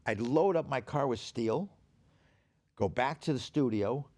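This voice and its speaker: A man guesting on a podcast, telling anecdotes in an animated, profane way and acting out the people in them. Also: mid-range voice, measured pace. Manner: animated, profane storyteller who acts out quoted dialogue. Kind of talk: anecdotal storytelling. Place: podcast stage.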